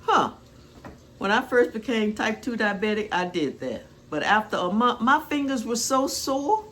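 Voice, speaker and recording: A woman's voice: on the high side, expressive, measured pace, fairly bright tone, a little hiss or hum. Chatty older woman in her kitchen. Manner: chatty, homespun, rambling asides. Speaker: cooking vlogger. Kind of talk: casual home cooking vlog. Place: home kitchen.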